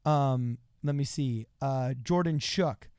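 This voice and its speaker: A man hosting a livestream in a casual, joking way, reading out viewer messages and reacting loudly to them. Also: mid-range voice, slow pace, clean tone, no room sound, studio quality. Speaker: livestream host.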